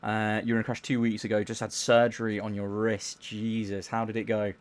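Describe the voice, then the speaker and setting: A man casually chatting on a live gaming stream, reading chat aloud in a mellowed-out, low-key way and tripping over words as he plays. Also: completely flat delivery, a little fast. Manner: stumbles over words while playing.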